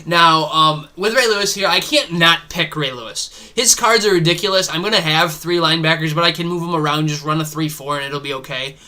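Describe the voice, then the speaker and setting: A man's voice: on the high side, fairly quick, few pauses, sharp tone. A young man giving casual, rambling commentary over his own football video game, thinking aloud with fillers as he drafts and plays. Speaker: gaming YouTuber.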